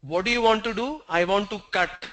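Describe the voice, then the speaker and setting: A man's voice: sits high, brisk, fairly bright tone, poor audio. A middle-aged man teaching English pronunciation in an online lesson, drilling sounds letter by letter and correcting common mistakes.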